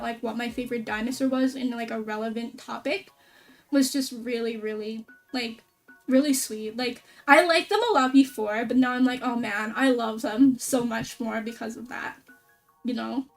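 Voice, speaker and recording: A woman VTuber streamer chatting casually, excitable and rambling, with a lot of "like" fillers. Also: a little high, normal speed, far from the mic, soft background music. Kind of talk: casual stream chat recap.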